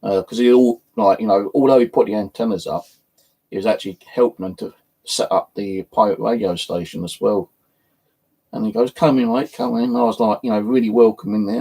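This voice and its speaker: A man's voice: medium pitch, gravelly, darkish tone, husky, poor audio. A man, telling a rambling story in casual chat, swearing freely as the host of his own channel.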